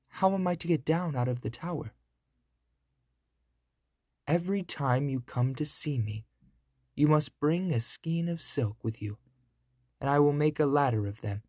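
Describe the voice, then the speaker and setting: A man voicing a gentle, trusting young woman in a storybook reading, soft and earnest. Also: mid-range voice, no echo, clean studio sound.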